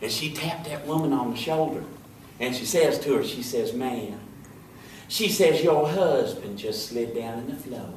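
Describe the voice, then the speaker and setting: A man playing an excitable, boastful small-town deputy with a Southern accent, rambling and fumbling for words in a live stage comedy monologue. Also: medium pitch, unhurried, a little hiss or hum, close to an everyday voice. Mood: folksy. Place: stage before an audience. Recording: echoey hall, from far off.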